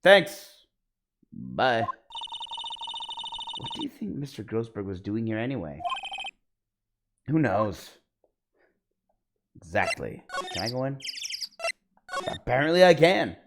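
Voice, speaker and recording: A man's voice: mid-range voice, wildly swooping pitch, takes it slowly, pauses often, very noisy. A man streaming a video game, reading its dialogue aloud with casual joking asides. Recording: game music behind the voice.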